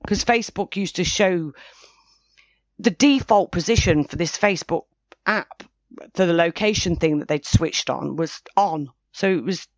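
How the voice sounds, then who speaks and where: A woman's voice: fairly low pitch, dry recording. A woman, telling a personal story in a rambling way, with frequent restarts and self-corrections. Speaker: interviewee. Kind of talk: personal account, casual.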